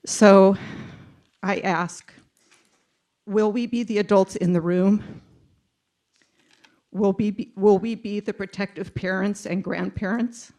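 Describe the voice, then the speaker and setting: A woman's voice: mid-range voice, fairly even intonation, takes it slowly, pauses often, darkish tone. A retired teacher in her sixties reading an earnest, emotional public comment to a committee, with some ums. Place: public meeting room.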